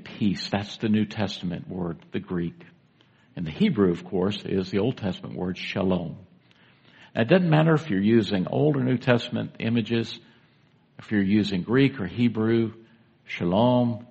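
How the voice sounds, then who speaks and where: A man's voice: on the low side, animated, moderate pace, creaky, a little mellow, breathy edge, dull audio. A man preaching a sermon to a congregation in a church, in a conversational way, putting questions to the listeners. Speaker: pastor.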